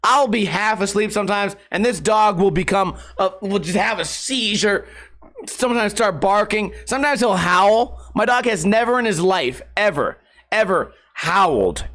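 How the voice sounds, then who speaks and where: A young man hosting a solo podcast, telling rambling, profane stories in a casual, animated way. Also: high voice, normal speed. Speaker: podcast host.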